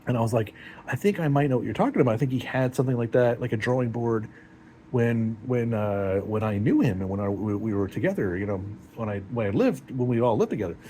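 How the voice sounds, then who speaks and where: A heartbroken man talking in a rambling, halting, emotional way in a personal confessional vlog. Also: mid-range voice, expressive, warm tone, slight background noise.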